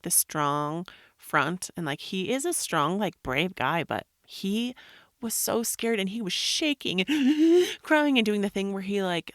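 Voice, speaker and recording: A woman in her thirties tells a story in a casual, rambling way, with "like" dropped in again and again. Her voice sits fairly low and has a gravelly edge. She is recorded close and dry. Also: no echo. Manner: chatty, rambling, many "like" fillers. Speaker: podcast host.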